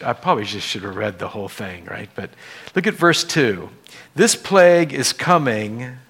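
A man as pastor giving a casual sermon, animated, acting out scripture dialogue in everyday voices. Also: medium pitch.

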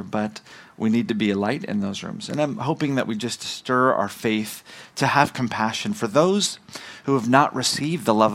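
A middle-aged man, a visiting missionary, preaching a sermon and slowing down to stress key words. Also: on the low side, a bit bright. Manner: emphatic, slowing and rising on key phrases.

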